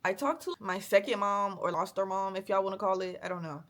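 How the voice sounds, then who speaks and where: A woman's voice: mid-range voice, fairly quick, a bit bright. A young woman, venting bluntly and emotionally on a candid vlog, profane and direct. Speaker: vlogger.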